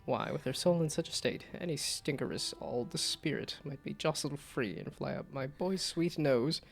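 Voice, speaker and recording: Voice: mid-range voice, moderate pace, vocal fry, faint music behind, natural voice. Streamer voicing a solemn talking dog in old-fashioned speech. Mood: earnest. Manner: archaic, formal speech. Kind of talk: reading game dialogue aloud on stream.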